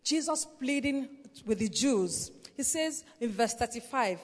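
Woman preacher, high voice, earnest and insistent, repeats her points; church hall with long echo. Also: lively intonation, measured pace, darkish tone. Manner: earnest, repetitive exhortation with "Praise the Lord" interjections. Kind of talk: sermon.

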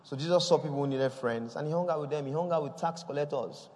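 A man preaching a lively sermon, often laughing and calling out praise. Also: fairly high pitch, fast. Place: church. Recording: long hall reverb.

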